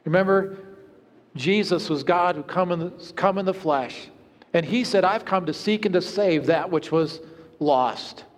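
A male pastor with a notably high voice delivers an earnest sermon. He tells stories and lets his voice sink to hushed tones for effect. The sound rings with the long reverb of a church. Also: measured pace. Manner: earnest, storytelling with hushed low moments. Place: church sanctuary.

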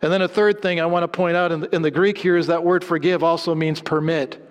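High-voiced guy preaching, earnest, repeating lines over and over, big echoey hall. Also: fairly even intonation, fast talker, lo-fi sound. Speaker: pastor. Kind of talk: sermon. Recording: long hall reverb.

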